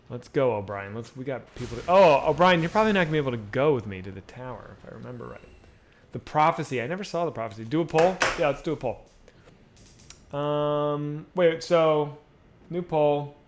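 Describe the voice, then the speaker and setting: Chatty, profane man streaming live. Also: a little high. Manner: rambling, profane, chatty with viewers. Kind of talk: casual live-stream chat while gaming.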